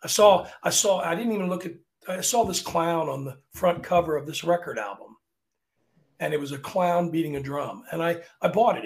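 A man from Virginia talks through stories in a relaxed interview, lively and quick to restart his sentences. His speaking voice sits fairly high for a man and has a gravelly, creaky edge. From Virginia, USA. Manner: chatty, animated, often restarts sentences. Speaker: opera singer guest. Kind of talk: casual interview storytelling.

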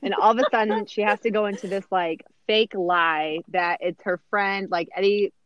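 A woman's voice: medium pitch, steady tone, normal speed, a bit bright, no room sound, highs cut off. A woman in her thirties co-hosting a podcast, chatting casually with lots of fillers and laughter. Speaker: podcast co-host. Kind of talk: casual chat recapping a sitcom episode.

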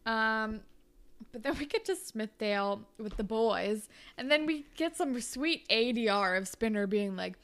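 A woman's voice: a little high, lively intonation, a little slow, fairly bright tone, clear, resonant tone. A woman co-hosting a casual chat, recapping a TV episode in a rambling, giggly way and acting out the characters' lines. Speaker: podcast co-host.

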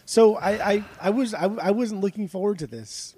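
Male podcast co-host, casual and profane, stumbling restarts, dark tone. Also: high-pitched, moderate pace, slight background noise. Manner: rambling, profane, frequent restarts. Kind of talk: casual chat.

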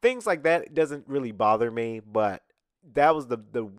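A man's voice: medium pitch, normal speed, dry recording, clean studio sound. A man from Atlanta, hosting a podcast and telling a story in casual chat, acting out what other people said. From Atlanta, USA. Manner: animated, acts out quoted people. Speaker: podcast host. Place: recording studio. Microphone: studio podcast mic.

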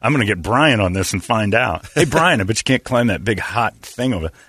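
A middle-aged man from Phoenix, hosting a radio show and telling stories with animated, acted-out voices. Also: on the low side, a little fast, hardly any pauses, slightly rough, dry recording. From Phoenix, Arizona. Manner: animated storyteller, acts out characters in raised voices. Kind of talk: casual morning show banter and storytelling.

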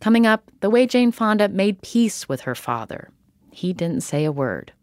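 A woman hosting a podcast, who asks questions and reads measured narration. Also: mid-range voice, very animated, dry recording, studio quality. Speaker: podcast host. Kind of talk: interviewing and scripted narration.

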